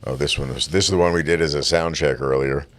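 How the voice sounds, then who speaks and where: A man's voice: extremely low pitch, fairly even intonation, quick pace. A man co-hosting a podcast in casual chat, making dry, wry remarks. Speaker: podcast co-host.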